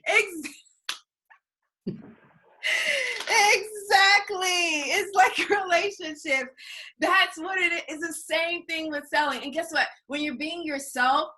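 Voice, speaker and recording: A middle-aged woman coaching in a high, bright voice. She talks casually and laughs often. She acts out little scenes and calls her listeners honey. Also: a little slow. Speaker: business coach.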